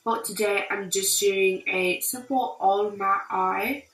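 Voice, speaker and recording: A woman's voice: medium pitch, fairly even intonation, takes it slowly, a bit bright. A woman talking through a makeup tutorial in a put-on British accent, chatty as she walks through each step. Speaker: beauty vlogger. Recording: roomy, distant mic, faint music.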